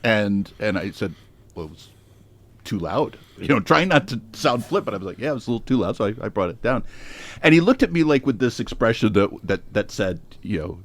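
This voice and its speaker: A man on a panel telling an animated story, full of restarts and self-interruptions. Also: on the low side, moderate pace. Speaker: panelist and trainer.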